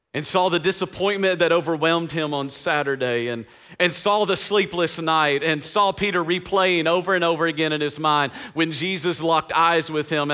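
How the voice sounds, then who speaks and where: Bright-voiced preacher man. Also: fairly high pitch, smooth. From East Tennessee, USA. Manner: impassioned preaching with call-and-response. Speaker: pastor. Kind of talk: Easter sermon.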